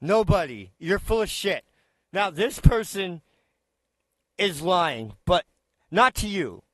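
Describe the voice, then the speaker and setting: A man's voice: high voice, expressive, takes it slowly, fairly bright tone, dry recording. A man doing reaction commentary, talking in a sarcastic, profane, ranting way.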